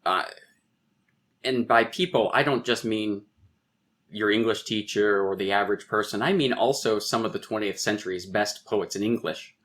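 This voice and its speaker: Low-voiced man explaining poetic meter. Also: normal speed, fairly bright tone. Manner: lecturing, taps out rhythms aloud. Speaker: poet and guest. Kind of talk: reflective explanation.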